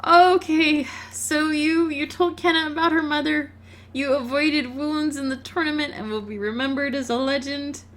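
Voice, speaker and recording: A woman's voice: high-pitched, steady tone, moderate pace, a bit bright. A woman hosting a game let's play, reading the story aloud and commenting emotionally, tearful, stammering and laughing.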